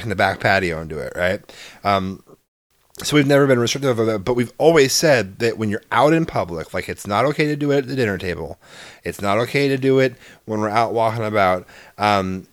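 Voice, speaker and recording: A man's voice: lowish voice, dry recording. Joking man on a dry podcast mic. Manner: jokey, laughs along. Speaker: podcast co-host and parent. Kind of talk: casual chat.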